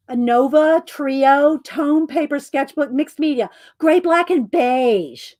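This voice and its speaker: A chatty woman with a twang, a bit higher-pitched and in no hurry. She giggles a lot and keeps saying "hang on" as she unboxes mail, a little short of breath. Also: expressive, takes it slowly, hardly any pauses, darkish tone. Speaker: craft vlogger. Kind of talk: casual chat.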